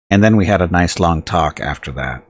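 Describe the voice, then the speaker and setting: A man's voice: deep voice, no room sound. A male streamer chatting casually, telling a home anecdote with restarts and chuckles. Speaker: game streamer. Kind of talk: casual chat.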